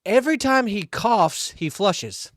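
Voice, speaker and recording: A man on a podcast telling a crude, animated story between laughs in casual chat. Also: sits high, a little slow, dry recording, clean studio sound. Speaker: podcast co-host.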